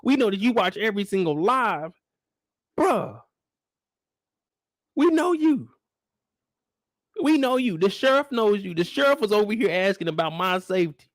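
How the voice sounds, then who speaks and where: Young man, high voice, incredulous rant, dry close mic. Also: moderate pace, long pauses, no room sound. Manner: animated, incredulous, profane commentary. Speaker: host. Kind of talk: live after-show recap.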